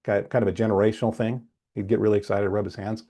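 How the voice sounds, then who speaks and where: A man's voice: on the low side, quick pace. A man coaching an options trading webcast, talking straight to his viewers, asking questions and then answering them. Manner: lively, talks to viewers directly, asks and answers questions. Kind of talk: webcast lesson.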